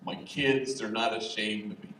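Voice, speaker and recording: A cheeky young ex-gang member , as a man puts him on speaks slowly and proudly, ribbing with a dangerous grin in his voice. His words bounce around a roomy hall, picked up from far off with a faint hiss, and his voice sits fairly low. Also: a bit bright. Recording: echoey hall, distant mic, faint hiss.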